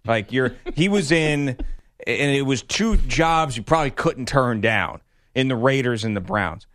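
A man's voice: mid-range voice, lively intonation, measured pace, fairly bright tone, no room sound. Guy on a sports talk show, joking around, dry close mic.

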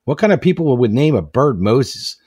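A man's voice: mid-range voice, expressive, normal speed, darkish tone, slightly rough, dry recording, clean studio sound, voice pushed up. A man voicing a startled burglar in a told joke, with a raised voice. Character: startled male burglar, jumpy.

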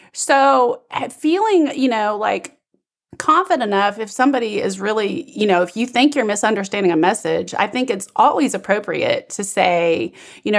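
A woman in casual conversation, candid and quick to poke fun at herself. She tells everyday stories in an animated way, acting out both sides of an exchange. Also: medium pitch, vocal fry. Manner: candid, self-deprecating, animated storyteller. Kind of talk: casual chat.

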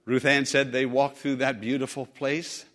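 A male preacher telling a story in a sermon, earnest and emphatic, drawing out key phrases slowly. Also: medium pitch, level tone, a bit bright.

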